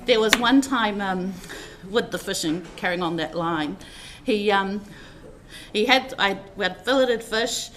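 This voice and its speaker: A woman's voice: mid-range voice, a little slow, noisy background. A woman telling personal stories in a heartfelt, rambling eulogy, with many fillers as she speaks. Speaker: family member giving a tribute at a funeral service.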